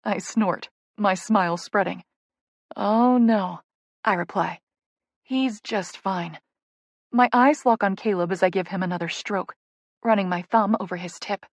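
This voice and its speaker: A woman's voice: medium pitch, steady tone, moderate pace, dry recording. A woman narrating a first-person romance audiobook in an intimate, playful way, on a close studio mic.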